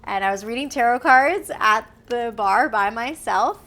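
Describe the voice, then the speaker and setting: A woman, a podcast guest, telling a story in casual chat, animated and laughing often as she acts out what others said. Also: a little high, moderate pace.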